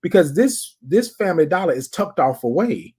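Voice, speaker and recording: A podcast host spins a story in a casual, animated way and keeps calling out to the listeners. The voice is husky, and the pitch swings up and down. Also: moderate pace. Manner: animated, repeats phrases, addresses listeners directly.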